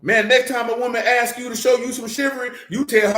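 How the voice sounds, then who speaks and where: A man's voice: very high voice, fairly even intonation, fast, fairly bright tone. A man preaching in a casual, blunt way, with profanity and jokes mixed into his teaching. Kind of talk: casual sermon-style teaching. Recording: roomy echo.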